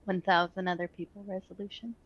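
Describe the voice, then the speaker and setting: A woman's voice: fairly low pitch, little pitch movement, a little fast. A woman co-hosting a casual chat, who talks in a chatty, reflective way and laughs easily. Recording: dull lo-fi sound.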